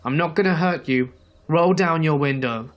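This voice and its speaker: A man voicing an impatient, gruff older male stranger who yells short commands. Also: fairly high pitch, normal speed, pitched above the performer's own voice, lightly acted. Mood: yelling. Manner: yelling commands.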